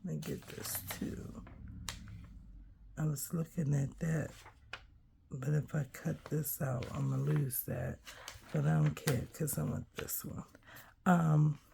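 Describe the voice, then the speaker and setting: Brief: woman vlogger, slow and gravelly, soft and reflective, low-pitched. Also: a little hiss or hum. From United States. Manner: soft-spoken, musing, trails off with ums. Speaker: crafting vlogger. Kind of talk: reflective casual vlog while gluing paper.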